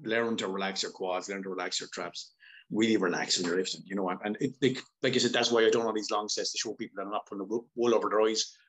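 A man's voice: on the low side, quick pace, rough recording. Profane Irish man, casual chat. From Ireland. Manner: swears freely, animated storytelling. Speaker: guest.

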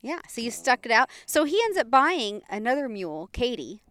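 Lively, bright-voiced woman storyteller. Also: a little high, moderate pace, no echo, studio quality. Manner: animated, laughs often, sound effects. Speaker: co-host telling a story. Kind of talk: casual storytelling chat.

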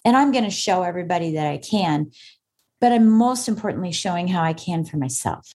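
A woman's voice: lowish voice, animated, a little fast, dark tone, breathy edge. A woman guest on an interview podcast, speaking with forthright, emphatic conviction as she tells her own story. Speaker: guest, author. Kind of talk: conversational interview.

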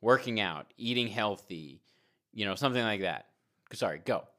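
A man co-hosting a casual podcast, excitable and rambling, laughing often. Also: fairly low pitch, moderate pace. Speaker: podcast co-host.

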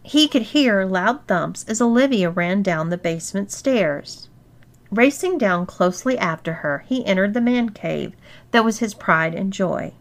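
A woman reads an erotic story aloud with steady, expressive narration. Her voice sits at a typical mid pitch for a woman. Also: unhurried. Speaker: story reader.

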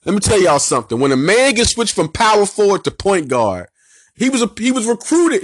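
Philly guy on his sports podcast going off, slangy and loud about it, dry close mic. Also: sits high, brisk, no room sound. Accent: Philadelphia. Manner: animated, emphatic, slangy, repeats himself. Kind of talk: casual sports rant.

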